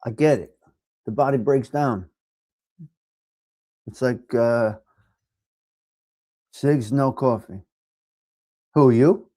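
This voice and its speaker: A middle-aged man with a New York accent hosting a casual live chat, giving blunt, profane tough love to viewers and swinging from low mutters to loud outbursts. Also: takes it slowly, pauses often, dry recording, clean studio sound. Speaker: livestream host reading chat.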